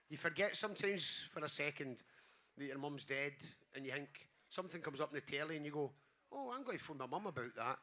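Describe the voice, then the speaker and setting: A man's voice: on the high side, pushed and bright. A Scottish man performing his poems on a small stage, earnest and sweary in his asides to the audience. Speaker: poet. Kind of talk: live spoken-word performance. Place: small live venue stage.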